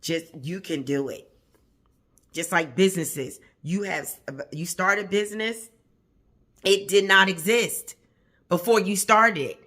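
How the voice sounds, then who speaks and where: This plant channel's female host motivates her audience in a relaxed, encouraging manner, repeating phrases for emphasis and often breaking into chuckles mid-sentence. She goes slowly with frequent pauses, her lowish voice slightly bright.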